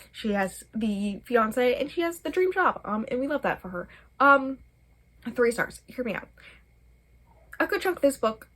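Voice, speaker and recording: A woman's voice: a little high, a bit bright. A young adult woman, a book vlogger, rambling casually through a book review with many fillers. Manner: rambling, chatty, many fillers, laughs often.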